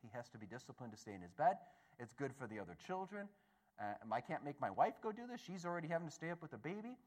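A man giving a storytelling talk to an audience, animated and acting out voices, often stammering and restarting. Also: fairly high pitch, quick pace. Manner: animated, acts out the voices in his stories. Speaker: speaker at a Catholic gathering.

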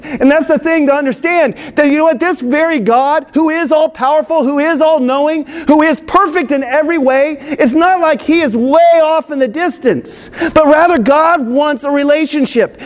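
A priest preaching a homily in a strikingly high voice. He gets excited and stresses words, slowing right down on the key phrases. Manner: excited, emphatic preaching with slow drawn-out phrases.

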